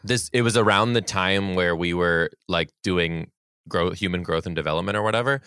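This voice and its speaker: A man's voice: deep voice, moderate pace, pushed and bright, clear, resonant tone, no echo, studio quality. A young man on a podcast, animatedly retelling a story from his teaching days, swearing and getting worked up. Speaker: podcast co-host, former teacher. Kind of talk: casual storytelling chat.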